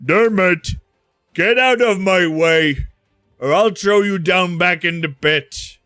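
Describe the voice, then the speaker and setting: Man doing a big pushy ogre lady, loud threats, dry sound. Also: on the low side, slow pace, no echo, soft background music, voice pushed up. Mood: threatening. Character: large angry female ogre, bossy.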